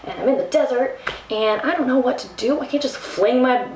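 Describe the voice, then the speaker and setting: A young woman from Texas telling a travel story to the camera, animated and self-mocking, with lots of ums and restarts. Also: sits high, fairly quick, slight background noise. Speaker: vlogger. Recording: roomy, from a distance.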